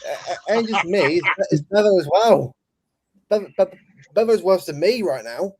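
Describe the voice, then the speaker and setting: A man on a video call with a slightly high voice, answering in a hesitant, defensive way and stammering through his points. it is casual fan chat between co-hosts. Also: expressive, moderate pace, slightly rough, dry recording.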